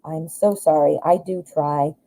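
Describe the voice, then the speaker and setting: A woman with a Midwestern American accent hosts a live tarot reading, chatting casually and rambling enthusiastically with frequent restarts. Her voice is low, warm and unhurried, with fairly even intonation, and the recording quality is low.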